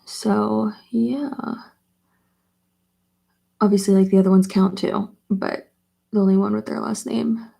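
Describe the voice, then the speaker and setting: A young woman talking through her makeup routine in a loose, rambling way. Her voice is husky and slightly gravelly, with a mellow, relaxed tone. She fills her sentences with likes and ums. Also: medium pitch, a little slow, pauses often. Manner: chatty, rambling with many fillers. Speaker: beauty vlogger. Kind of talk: casual get-ready-with-me chat.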